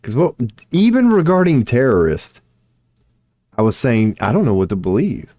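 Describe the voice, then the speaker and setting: A young man talks through his livestream in a loose, rambling way, knocking himself down and swearing freely. His voice is mellow and soft-edged, but his pitch jumps around a lot. The sound is close and dry, with no room echo. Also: wildly swooping pitch, moderate pace. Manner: rambling, self-deprecating, heavy slang and swearing. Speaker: live streamer. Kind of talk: casual livestream monologue.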